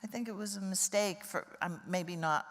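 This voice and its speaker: A woman's voice: medium pitch, normal speed, fairly bright tone, big-room sound. An older woman, a guest actress, telling candid, wry anecdotes in a casual interview.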